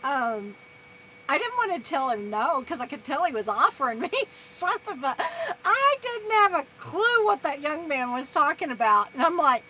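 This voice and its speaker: A woman chatting on a live stream in a high, bright voice. She tells stories in an animated way, often laughing and tripping over her words as she restarts sentences. Between stories she stops to thank her viewers warmly by name. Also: slight background noise, low-quality recording. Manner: halting with repeated restarts. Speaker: vlogger hosting a live stream. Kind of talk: casual live-stream chat.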